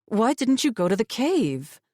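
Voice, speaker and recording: A woman narrator voicing a worried, tender young aunt in a fantasy audiobook, speaking softly and anxiously. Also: fairly high pitch, big pitch swings, normal speed, no echo, clean studio sound, pitched above the performer's own voice. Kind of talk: audiobook character voice.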